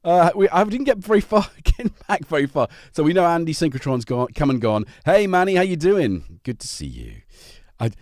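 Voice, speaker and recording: Chatty man with a lively pitch. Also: a little fast, dry recording, clean studio sound. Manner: rambling, chatty, greets viewers by name. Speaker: livestream host. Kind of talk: casual livestream chat. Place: home music studio.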